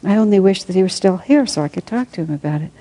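A woman's voice: mid-range voice, animated, quick pace, mellow, poor audio. A woman reading passages aloud to a study group, with chatty asides and frequent laughter. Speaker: reader leading a study group.

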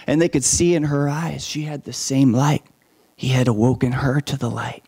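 A man telling a story to children, animated and asking the listeners questions along the way. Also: medium pitch, moderate pace, slightly rough.

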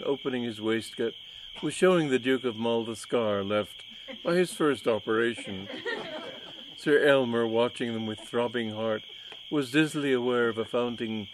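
A male storyteller reading a comic tale in a measured, wry tone, his voice in a middle register. Faint crickets and night insects murmur behind him. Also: mid-range voice, a little hiss or hum, rough recording.

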